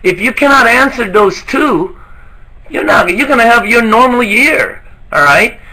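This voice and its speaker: A man's voice: very high-pitched, lively intonation, a little slow, pushed and bright, rough recording. A man giving an emphatic motivational sales training talk, firing off rhetorical questions.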